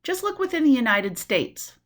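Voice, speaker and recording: A woman from New City, giving a recorded nursing lecture in a lively way, acting out quick voices and asides. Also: high-pitched. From New York City. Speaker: nursing instructor.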